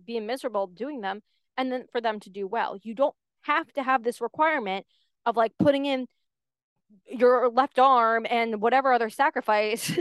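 A woman's voice: on the high side, clear, resonant tone, dry recording, studio quality. A woman hosting her own podcast, talking candidly and animatedly in a casual solo monologue and often saying "like". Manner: candid and animated, heavy use of "like". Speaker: podcast host.

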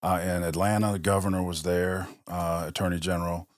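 A man's voice: deep voice, level tone, fairly quick, no room sound, clean studio sound. A man, a police officer guest on a podcast, telling stories in casual chat and acting out the dialogue he quotes.

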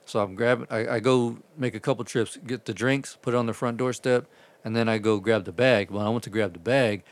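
A man's voice: medium pitch, a little fast. A man telling rambling, profane stories about his delivery driving in a casual chat. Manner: profane, rambling, animated retelling.

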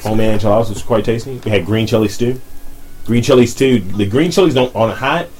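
A man co-hosting a podcast, chatting casually in a profane, animated way and laughing often. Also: on the low side, fast talker, breathy edge. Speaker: podcast co-host. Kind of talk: casual chat.

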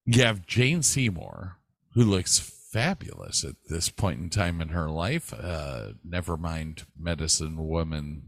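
A man's voice: vocal fry, no room sound. A man talking casually about favorite movies, drawn out with many fillers and restarts. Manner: slow, drawn-out, lively pitch, frequent fillers and stutters.

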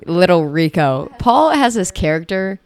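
Young female podcast co-host, low-pitched voice, chatty and giggly, slight room echo. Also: big pitch swings, unhurried. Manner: chatty, laughs often, lots of "like". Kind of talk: casual chat. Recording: echoey room.

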